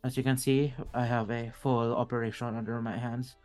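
A man's voice: mid-range voice, level tone, normal speed, darkish tone, soft background music, lightly acted. A man voicing a tired, overworked female dwarf in charge of a busy operation, speaking with brusque exasperation. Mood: exasperated.

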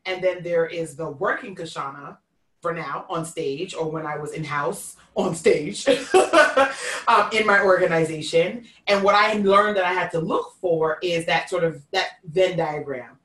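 A woman from New York with a Queens accent hosting a live-streamed conversation. She is expressive and folksy, and she talks to her listeners as "y'all.". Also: lowish voice, unhurried, reverberant, distant mic. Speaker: host.

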